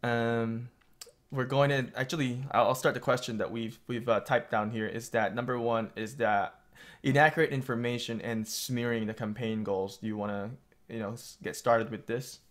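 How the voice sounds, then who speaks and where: A man with a Filipino accent hosting a casual discussion, phrasing his questions in a loose, halting way. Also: medium pitch, steady tone. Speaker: channel host.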